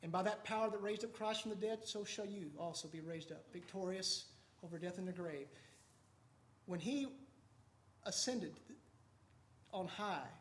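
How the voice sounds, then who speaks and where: A man preaching a sermon with fervor, swinging from hushed, low passages to loud, soaring ones. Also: normal speed, long pauses. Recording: echoey room.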